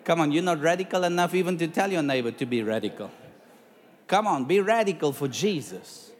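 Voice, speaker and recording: A male preacher telling a story in a sermon, dramatic and lively, calling out to the congregation for responses. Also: on the high side, brisk.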